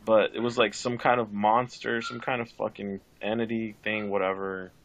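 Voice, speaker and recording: Man, podcast guest, deep fry in voice, loose retelling, swears casually. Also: level tone, normal speed, a bit bright, dull audio, slight background noise. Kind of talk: casual chat.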